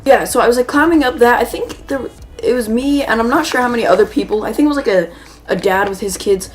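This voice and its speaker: Speaking fast in a fairly high voice, this woman spins a chatty, meandering story while playing a shooter game on her gaming video, pausing to react to the action. Soft music plays in the background.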